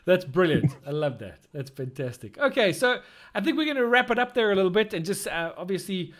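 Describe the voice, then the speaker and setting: A man's voice: high-pitched, sing-song, fairly quick, a bit bright. A man hosting a casual gaming podcast, upbeat and enthusiastic as he wraps up. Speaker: podcast host. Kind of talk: casual chat.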